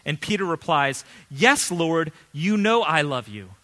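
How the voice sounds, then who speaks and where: A man in his thirties, a pastor, preaching a sermon in an earnest, conversational way with emphatic pauses. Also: on the high side, very animated, sharp tone.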